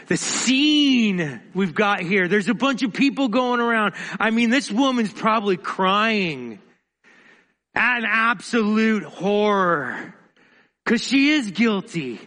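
A man preaching a sermon, dramatic, swinging between emphatic lines and quiet, hushed asides. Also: high-pitched, animated, slow, big-room sound.

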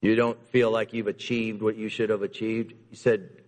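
A man preaching a sermon as pastor, emphatic, repeating key lines and moving between loud and hushed delivery. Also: lowish voice, flat delivery, normal speed. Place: church. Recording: long reverb of a church hall.

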